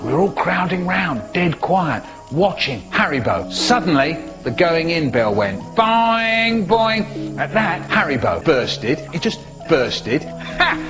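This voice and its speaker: A man's voice: fairly high pitch, sing-song, measured pace, few pauses, music in the background. A man telling stories in a playful, theatrical way, with sudden swings in his voice. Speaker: storyteller. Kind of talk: animated storytelling, cut into spliced comedy clips.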